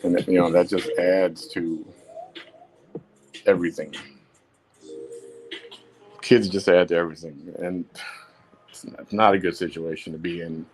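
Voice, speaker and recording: A man's voice: sits low, flat delivery, measured pace, long pauses, darkish tone, soft background music. A man from Chicago, hosting a solo audio show, talking bluntly and heatedly, repeating himself for emphasis. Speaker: podcast host.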